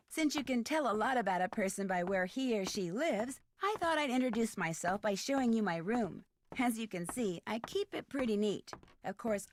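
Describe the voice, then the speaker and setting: A woman's voice: fairly high pitch, natural voice. A woman voicing a friendly, chatty young female detective in a 2000s point-and-click game, talking to the player in a confiding tone. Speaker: game character narrator. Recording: faint background noise from game audio.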